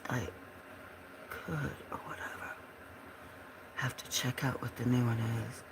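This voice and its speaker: Giggly rambling livestream host, slow-spoken. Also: medium pitch, little pitch movement, noisy background. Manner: giggly, laughs often, rambling; trails off mid-sentence. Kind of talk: casual chat while drawing.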